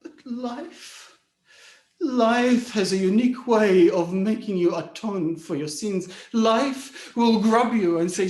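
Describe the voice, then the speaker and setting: A man giving a dramatic storytelling speech at a speech contest, expressive and theatrical with dramatic pauses, recorded in an echoey hall. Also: high-pitched.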